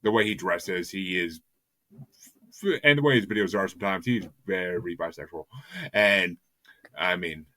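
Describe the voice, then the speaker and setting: Male podcast host, deep and punchy, dry close sound, eager, rambling, stammering. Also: unhurried, long pauses, sharp tone, no room sound. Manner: rambling and enthusiastic, stumbles over repeated words. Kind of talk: casual podcast chat.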